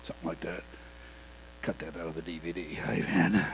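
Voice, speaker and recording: A male preacher delivering a sermon, turning animated and rising into a shouted sing-song at its peaks. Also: low voice, a little fast, slight background noise.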